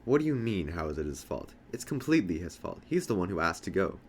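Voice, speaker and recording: Grumpy blunt kid, low and flat, guy reading him out. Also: fast, a little hiss or hum. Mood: sulky. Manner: blunt, sulky. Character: stubborn sulky preteen boy.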